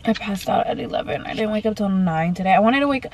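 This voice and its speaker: A woman's voice: medium pitch, lively intonation, fast, slight background noise, poor audio. A young woman vlogging in casual chat, rambling with lots of "like," and out of breath as she talks into a handheld phone camera. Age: young adult.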